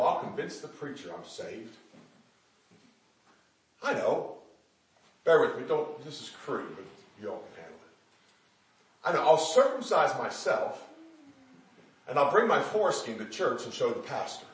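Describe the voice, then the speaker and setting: A man preaching a sermon with fervour, building up to loud shouts. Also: medium pitch, sing-song, unhurried, pauses often. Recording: echoey room, distant mic.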